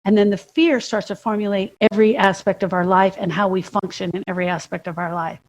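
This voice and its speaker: A woman with a middle-pitched voice co-hosts a conversational podcast. She speaks emphatically, stacking repeated phrases and questions to make her points. Her delivery is reflective but insistent. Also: fairly even intonation, fast talker. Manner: emphatic, builds points through repetition and questions. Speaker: podcast co-host. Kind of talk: reflective conversation about grief.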